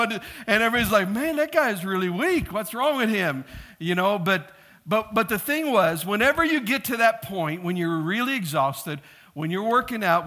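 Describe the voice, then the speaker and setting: A man preaching a sermon, telling a story and acting out the people in it with lively shouts. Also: sits high. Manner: storytelling, animated, acts out quoted shouts. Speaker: pastor.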